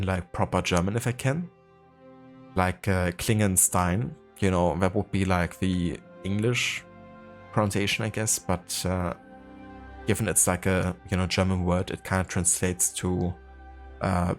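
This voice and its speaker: A man's voice: low-pitched, fairly even intonation, unhurried, soft background music. A man streaming a game live, chatting casually and reading in-game entries aloud with lots of fillers. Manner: rambling, many fillers, reads codex entries aloud.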